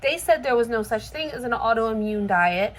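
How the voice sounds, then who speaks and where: A woman's voice: a little high, expressive, normal speed, poor audio. A woman vlogging casually in her kitchen, venting with frustration and swearing freely. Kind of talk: casual chat. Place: home kitchen.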